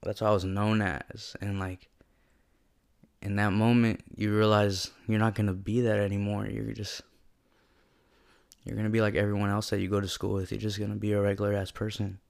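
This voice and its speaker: Earnest young man, low flat voice. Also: moderate pace, gravelly. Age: young adult. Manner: casual and slangy, heavy use of "like", earnest and emotional. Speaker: storyteller. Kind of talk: personal reflective monologue.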